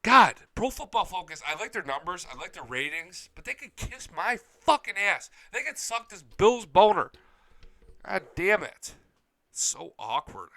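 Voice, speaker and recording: A man's voice: sits high, sharp tone. Hyped, profane young male sports ranter. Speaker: sports show host. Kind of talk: live sports talk rant. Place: home studio.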